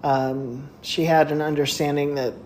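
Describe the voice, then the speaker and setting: A woman's voice: low voice, flat delivery, a little slow, darkish tone, a little hiss or hum. A woman co-hosting a podcast, chatting casually and telling a story with lots of fillers. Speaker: podcast co-host. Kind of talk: casual chat. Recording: roomy echo.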